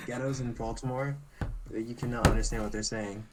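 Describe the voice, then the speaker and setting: A man's voice: mid-range voice, steady tone, brisk, very noisy. A young American man chatting casually on a podcast, rambling with plenty of fillers. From United States. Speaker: podcast co-host. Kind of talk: casual chat.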